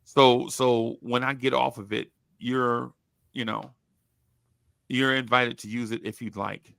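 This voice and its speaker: Gravelly laid-back podcast host. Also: male voice, medium pitch, level tone, unhurried, fairly bright tone, no room sound, studio quality. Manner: laid-back, rambling with restarts and slang. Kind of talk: casual sports chat.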